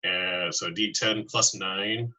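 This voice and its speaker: A man's voice: deep voice, fairly even intonation, slow, pushed and bright, low-quality recording. A man playing a tabletop game, casual and joking with the table. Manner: joking, often laughs.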